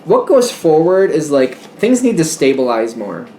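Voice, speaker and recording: A man giving a casual tarot reading, rambling and interrupting himself with animated asides. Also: fairly high pitch, unhurried, echoey room, a little hiss or hum. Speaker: tarot reader.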